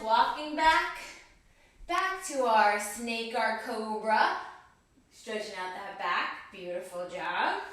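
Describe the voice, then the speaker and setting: A woman's voice: high-pitched, fairly bright tone. A woman guiding a children's yoga class, encouraging and cueing each breath and pose. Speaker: kids yoga instructor. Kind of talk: guided kids yoga class. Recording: echoey room, voice from a distance.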